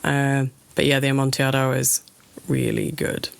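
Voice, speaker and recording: A woman co-hosts a casual podcast chat over a video call, teasing her partner with a playful tone. Her voice has a gravelly, fry-laden texture. The sound is dry, with no room echo. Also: rumbling low, flat delivery, moderate pace. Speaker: podcast co-host.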